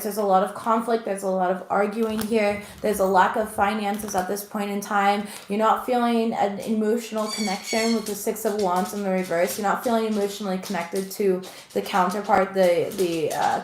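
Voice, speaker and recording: A woman's voice: medium pitch, fairly even intonation, moderate pace. Emotional woman tarot reader, echoey room. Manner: emotional, earnest, heartfelt. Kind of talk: tarot reading to viewers. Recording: echoey room with faint noise.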